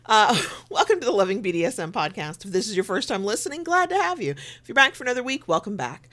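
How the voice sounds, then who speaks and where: A woman's voice: mid-range voice, big pitch swings, fast, a bit bright. A woman with a Southern American accent co-hosting a podcast in casual chat, rambling through asides and laughing often. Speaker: podcast co-host. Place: home recording room.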